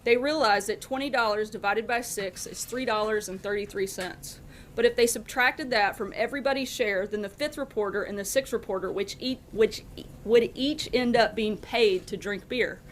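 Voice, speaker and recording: A woman narrating a story in a steady, storytelling manner. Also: mid-range voice, moderate pace, a little hiss or hum.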